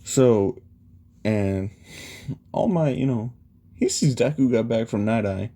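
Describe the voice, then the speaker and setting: A man's voice: medium pitch, expressive, slow pace, dark tone. A man casually retelling a fan story, rambling along with lots of fillers. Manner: rambling, heavy use of "you know" and "he's like".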